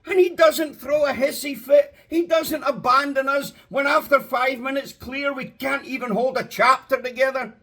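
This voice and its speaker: A man preaching a sermon with passion, drawing out key words for emphasis and building up to shouts. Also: very high-pitched, steady tone. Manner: impassioned, rising to shouts; slow, drawn-out emphasis.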